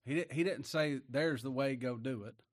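A man preaching a sermon, swinging from quiet asides to loud emphatic bursts, with folksy talk and chuckles. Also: medium pitch, moderate pace, dry recording, clean studio sound.

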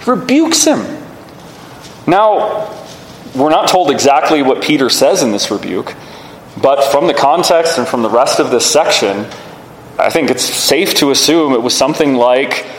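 A man preaching a sermon in an animated way, often asking his listeners rhetorical questions. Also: medium pitch, moderate pace, a little hiss or hum. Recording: echoey hall with faint ambience.

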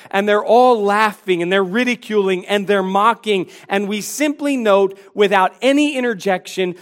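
A man's voice: high-pitched, a bit bright. A man preaching a sermon, earnest, acting out the taunts of mockers and the words of biblical figures.

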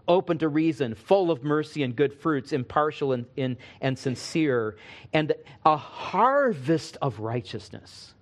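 A man preaching a sermon, reading scripture and explaining it verse by verse with emphatic pauses. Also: fairly high pitch. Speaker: pastor.

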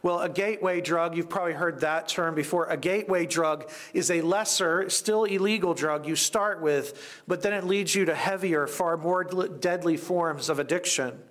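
A man preaching a sermon, reading scripture and explaining it in a measured, deliberate way with emphatic repetition. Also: fairly high pitch, fairly bright tone. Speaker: pastor.

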